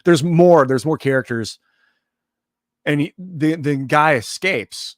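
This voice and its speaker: A man's voice: fairly high pitch, slow, no echo, studio quality. A man hosting a livestream, telling a long story in a loose, profane, rambling way with many restarts. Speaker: livestream host.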